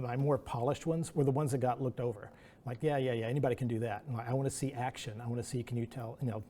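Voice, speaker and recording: At an artist talk, a middle-aged male guest artist tells rambling anecdotes, restarting often and acting out quotes. His voice is mid-range with a dark tone.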